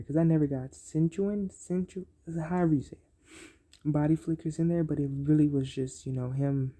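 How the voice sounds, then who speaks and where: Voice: medium pitch, warm tone. A storyteller casually narrating an improvised fan-fiction story, rambling with many ums and "so, yeah" fillers.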